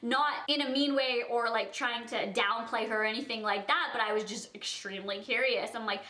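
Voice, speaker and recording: A woman's voice: on the high side, brisk, sharp tone. A young woman telling a casual storytime vlog, chatty and full of fillers, often breaking into giggly asides. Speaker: vlogger. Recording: echoey room.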